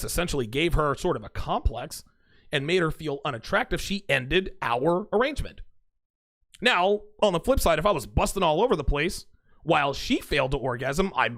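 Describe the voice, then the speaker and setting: A man's voice: a little high, fairly bright tone. A man hosting a solo talk show, speaking bluntly and profanely as he reads text messages aloud. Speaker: host. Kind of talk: monologue to camera.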